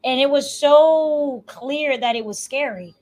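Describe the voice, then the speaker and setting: Brief: reflective woman co-host, a bit high-pitched, heartfelt and halting. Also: darkish tone, poor audio. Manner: heartfelt, reflective, hesitant starts. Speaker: podcast co-host. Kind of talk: casual faith podcast chat.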